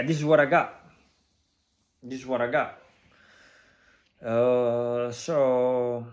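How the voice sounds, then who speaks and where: Musing man reading off a list. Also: medium pitch. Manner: musing, speculative, lists phrases one by one with many pauses; conversational, leans on "you know" and "right?". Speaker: video creator decoding an advertisement. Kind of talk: casual commentary.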